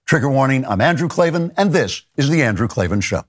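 A man's voice: medium pitch, very animated, fast. Sardonic middle-aged male show host. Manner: sardonic, dry mock-serious jokes. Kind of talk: satirical political commentary monologue.

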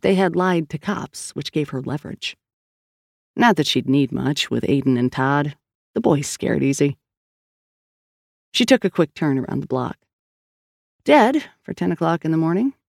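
Gravelly male audiobook narrator. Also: a little high, darkish tone, no echo, studio quality.

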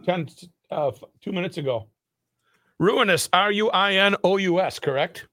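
A man working as a radio producer, checking details in quick, practical exchanges. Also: sits high, pushed and bright. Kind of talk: casual studio banter.

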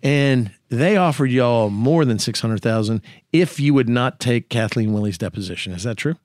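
A man, a lawyer and politician, telling a story in a podcast conversation with lively, teasing jokes. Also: mid-range voice, moderate pace, no room sound, clean studio sound. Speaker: lawyer and state senator.

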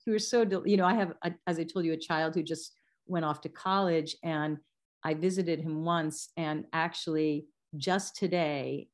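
A woman in her forties with a fairly low voice, talking as a guest on a podcast. She rambles warmly through side stories and throws in quick, high-pitched impressions of the people she quotes. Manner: lively storyteller who acts out quotes in sudden high voices. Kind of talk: casual conversation.

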